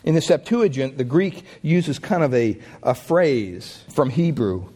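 A man preaching a sermon, asking his listeners questions and swinging his pitch up and down to drive points home. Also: big pitch swings, unhurried, dark tone, slightly rough. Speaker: pastor.

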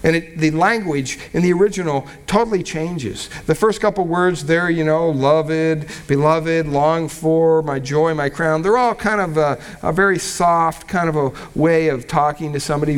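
Higher-voiced man preaching a casual sermon. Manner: conversational, with frequent restarts and fillers; reads scripture slowly and deliberately. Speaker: pastor. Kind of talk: expository sermon.

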